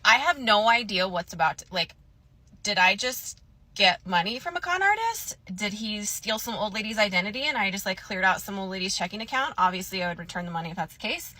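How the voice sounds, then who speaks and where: A young woman casually telling a story to camera, chatty and animated, saying "like" often. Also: medium pitch, brisk, no room sound. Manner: chatty, animated, says "like" a lot.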